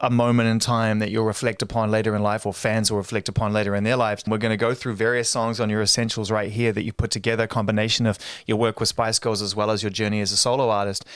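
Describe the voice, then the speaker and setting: A man's voice: fairly low pitch, fairly bright tone. A man interviewing a pop star in an enthusiastic, rambling way, with a New Zealand accent. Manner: enthusiastic, rambling, quick asides. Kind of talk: casual interview chat.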